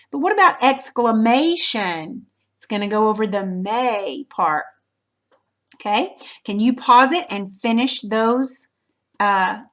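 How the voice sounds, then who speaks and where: Patient woman teacher, higher voice. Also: fairly bright tone. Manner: patient, step-by-step explaining with frequent "okay". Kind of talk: recorded reading lesson.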